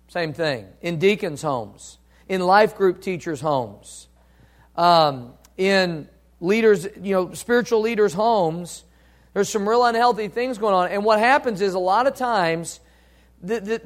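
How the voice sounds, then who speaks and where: A man preaching a sermon as pastor, talking earnestly with many repeats and restarts. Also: high voice.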